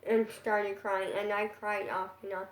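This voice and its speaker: A woman's voice: medium pitch, level tone, a little slow. A young girl telling a rambling personal story in a casual vlog, full of "like" fillers. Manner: rambling, filler-heavy with constant "like". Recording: echoey room.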